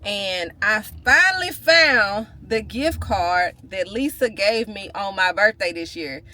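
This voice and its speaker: A woman's voice: medium pitch, lively intonation, slow pace, pushed and bright. A woman, chatting casually to her viewers in a vlog, playful and full of slang. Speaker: vlogger. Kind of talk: casual vlog chat to camera.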